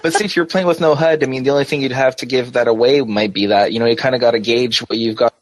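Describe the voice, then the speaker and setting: A man's voice: mid-range voice, steady tone, fast talker. A man co-hosting a gaming podcast, chatting casually and rambling with lots of restarts. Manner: rambling, many restarts and swearing. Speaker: podcast co-host. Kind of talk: casual chat.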